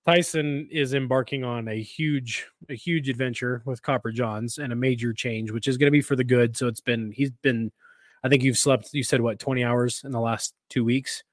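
A man's voice: medium pitch, steady tone, moderate pace, no echo, studio quality. A man co-hosting a casual podcast, telling rambling stories and laughing easily. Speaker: podcast co-host.

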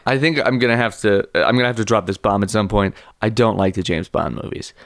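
A man's voice: fairly low pitch, quick pace, vocal fry, fairly bright tone, no room sound, clean studio sound. A man co-hosting a casual comedy podcast, rambling and joking, laughing often. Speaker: podcast co-host.

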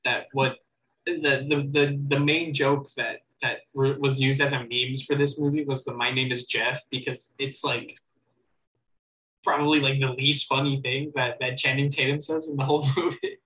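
A bright-voiced young man, chatting casually. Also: medium pitch, level tone, rough recording. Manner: chatty, lots of restarts and quick asides. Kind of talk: casual movie chat.

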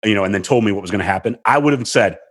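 Talking at a racing clip with a slightly rough voice, this man tells a long, animated story as a guest in casual conversation. He swears freely and performs other people's lines with big pitch leaps, all captured in clean, dry studio sound.

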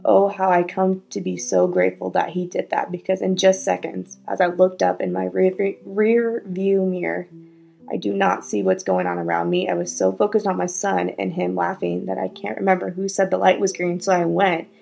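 A woman hosting a podcast, reading a listener's story aloud and breaking off now and then to react in hushed asides. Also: on the low side, little pitch movement, normal speed, vocal fry, faint music behind, poor audio. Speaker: podcast host.

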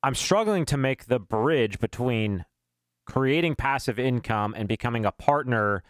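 A man hosting a podcast, giving advice in a measured, thoughtful way with frequent fillers. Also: medium pitch, lively intonation, dry recording. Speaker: podcast host.

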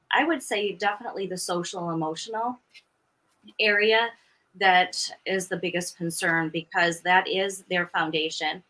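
A woman in her fifties, a veteran teacher and podcast guest, telling her story in an earnest, steady way. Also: on the low side, poor audio. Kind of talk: casual interview talk.

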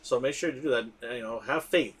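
Husky man in emphatic casual chat. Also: mid-range voice, brisk, a bit bright. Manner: emphatic, restarts and repeats words. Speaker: podcast co-host.

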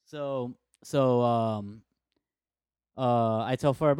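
A man in a casual sports chat, telling his story in a relaxed, conversational way. His voice sits at an ordinary pitch and is recorded dry and close. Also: fairly quick, smooth, no room sound. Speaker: podcast co-host.

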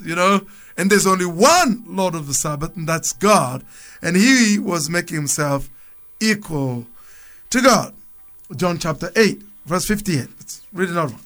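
High-pitched guy on the radio reading bible verses then talking them through casually. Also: lively intonation, normal speed, fairly bright tone. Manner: reads scripture aloud, then comments with restarts and chuckles. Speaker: church speaker on a radio program. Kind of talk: explaining Bible passages on radio.

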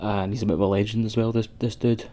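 Racing through his words in a fairly low, dark voice with little pitch movement, a Scottish man co-hosts a wrestling podcast. The casual chat with his friend is full of swearing, rambling and laughter.

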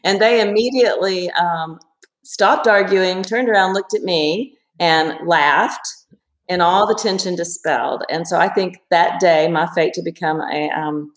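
A woman in her fifties, a therapist, talking thoughtfully in an interview with many pauses and restarts. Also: fairly low pitch, roomy sound. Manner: reflective, hesitant with many restarts and fillers. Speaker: therapist guest. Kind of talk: casual interview.

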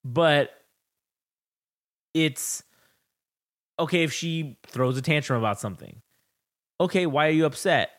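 A man's voice: fairly high pitch, expressive, a little slow, pauses often, fairly bright tone. A young man co-hosting a podcast, telling a rambling, profane story about raising his daughter in casual chat. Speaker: podcast co-host.

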